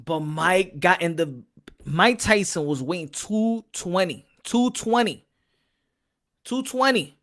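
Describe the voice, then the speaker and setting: A man from Texas hosting a casual boxing opinion vlog, talking in an animated, repetitive, profane way. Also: high-pitched, unhurried. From Texas, USA. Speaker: boxing commentator and host.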